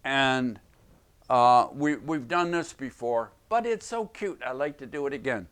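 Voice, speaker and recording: Male self-help teacher, slow and deliberate, mid-pitched, emphatic, repeats key phrases for the camera. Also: animated, a bit bright, clear, resonant tone. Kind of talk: explanatory video lecture.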